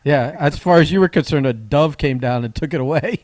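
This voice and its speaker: A podcast co-host in casual chat, reacting to a friend's story with laughs and quick comments. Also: mid-range voice, a little mellow, no echo.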